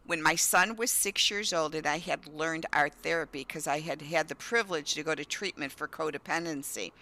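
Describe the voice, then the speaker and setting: A woman in her fifties telling lively family anecdotes as a guest, often acting out a child's words. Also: low-pitched, moderate pace. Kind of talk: storytelling in casual conversation.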